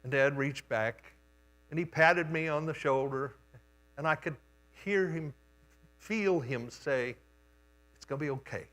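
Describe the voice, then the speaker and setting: An older man preaching a sermon in a church, telling a childhood story in an unhurried, homespun way. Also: fairly high pitch, a bit bright. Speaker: guest preacher. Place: church sanctuary.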